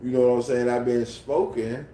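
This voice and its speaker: A man's voice: mid-range voice, steady tone, moderate pace, dark tone. A man with a Memphis accent chatting casually on a phone livestream at home, sleepy and laid-back, with a repetitive, mumbled drawl. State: sleepy, just woke up.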